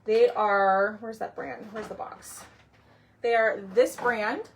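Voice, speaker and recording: This craft livestream host speaks slowly in a high, creaky voice, with a little background hiss or hum. She chats to viewers by name during her tutorial and frequently trails off while thinking aloud.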